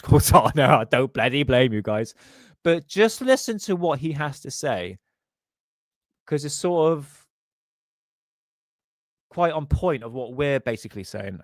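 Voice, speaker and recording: A man hosting a live stream, chatting loosely over the clips with sarcastic, jokey asides. His voice sits at a mid pitch and sounds very dry and close, with no room echo. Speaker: livestream host. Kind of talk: casual live commentary.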